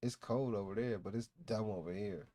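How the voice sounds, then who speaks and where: Man ranting with loud, profane jokes. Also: fairly low pitch, normal speed. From Ohio. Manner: loud, profane, joking rant. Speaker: stream host. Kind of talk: casual livestream chat.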